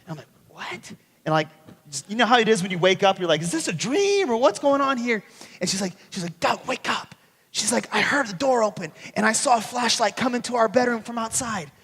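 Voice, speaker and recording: Animated pastor in a reverberant church. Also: male voice, high-pitched, a little fast, slightly rough. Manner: animated storytelling, acts out dialogue. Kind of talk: sermon with personal story. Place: church sanctuary.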